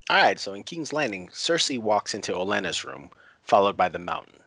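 Lower-voiced man recapping an episode. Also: sing-song, brisk, gravelly, fairly bright tone, dry recording. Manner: reads scenes aloud, with laughs and fillers. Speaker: podcast co-host.

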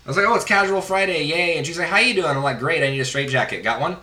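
A man's voice: fairly high pitch, fast talker, bright, forceful tone, echoey room. A man hosting a casual podcast, telling crude stories with lots of laughter. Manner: laughing, profane anecdote telling. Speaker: podcast host. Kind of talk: casual storytelling among friends.

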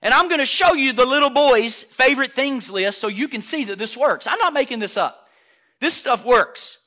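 A man preaching a sermon emphatically and loudly, repeating words for emphasis. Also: very high-pitched, animated, normal speed. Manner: emphatic, loud, repetitive preaching.

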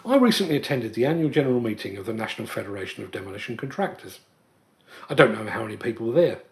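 A podcast host tells a personal story in a scripted monologue, earnest and measured. His voice sits lowish and has a sing-song lilt, with faint music playing behind him.

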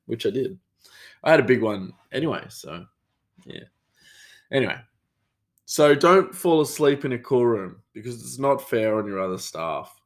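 An Australian chef telling rambling stories in a casual monologue, with many fillers and frequent chuckles, a bit tired. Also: male voice, mid-range voice, animated, moderate pace, pauses often. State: tired, yawning.

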